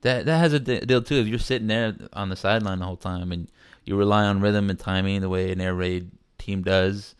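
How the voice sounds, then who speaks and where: This is a man with a somewhat low voice chatting about football on a podcast. He rambles in a relaxed, animated way and acts out what players and crowds might say. The recording is close and dry, with no room sound. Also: a little fast, hardly any pauses, clear, resonant tone, dry recording. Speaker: podcast host. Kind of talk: casual sports talk.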